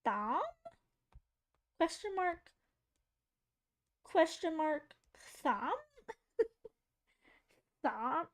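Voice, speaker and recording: Casual woman streamer, slow unhurried talk, teases herself and chats to viewers while drawing. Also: sits high, very animated. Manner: rambling, giggly, self-mocking, talking to chat.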